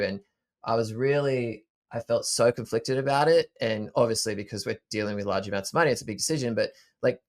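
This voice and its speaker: A man hosting a podcast conversation, talking in a calm, reflective way and often correcting himself mid-sentence. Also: fairly low pitch, a little fast. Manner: thoughtful, self-correcting, calm. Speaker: podcast host.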